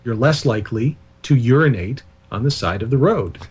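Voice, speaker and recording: A man's voice: medium pitch, animated, moderate pace, a little mellow, slightly rough. A man speaking as the guest author on a radio interview, explaining ideas at length with digressions and self-deprecating asides.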